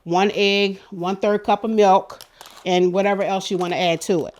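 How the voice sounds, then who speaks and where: A woman's voice: medium pitch, steady tone, normal speed, a little mellow. A middle-aged woman giving a casual cooking demonstration, telling chatty, rambling stories with many fillers. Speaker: cooking show cook.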